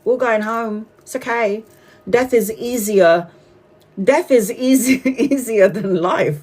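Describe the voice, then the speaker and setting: A woman's voice: a little high, slow pace, a little mellow. A woman in her forties giving a casual live-streamed tarot reading, talking bluntly and emphatically and swearing freely. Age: 40s. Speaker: tarot reader.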